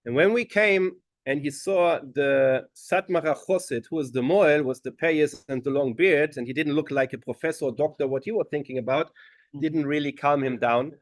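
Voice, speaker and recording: Rabbi telling a lively story. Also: male voice, a little high, moderate pace, no room sound. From Germany. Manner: animated storyteller acting out quoted voices. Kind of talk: storytelling at a gathering. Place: gathering hall.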